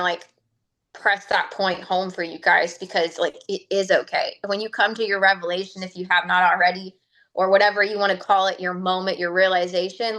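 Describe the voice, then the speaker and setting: A woman telling her personal story on a group coaching call, chatty and animated, laughing often over a video call. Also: fairly low pitch. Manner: chatty and animated, laughs often, slips into quoting her own self-talk.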